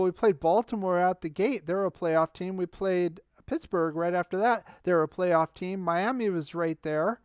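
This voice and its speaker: A man's voice: high-pitched, a little slow, few pauses, clean tone, no room sound, clean studio sound. A man hosting a fan livestream, answering chat commenters in a heated, argumentative way. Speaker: fan channel livestream host.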